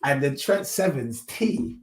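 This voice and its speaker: A man's voice: fairly high pitch, slow pace. A man co-hosting a podcast, telling a story in casual chat and acting out the lines of the people in it. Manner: animated storytelling, acts out quotes. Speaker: podcast co-host.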